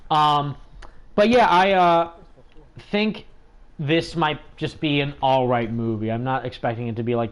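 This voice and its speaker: A man's voice: medium pitch, moderate pace. A man hosting a gaming livestream, talking in a chatty, rambling way with lots of fillers. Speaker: livestream host.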